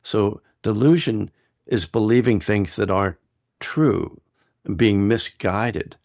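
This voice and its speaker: Deep, gravelly-voiced male meditation teacher. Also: takes it slowly, no echo, studio quality. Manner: relaxed and discursive, laughs easily. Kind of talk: dharma talk and chat.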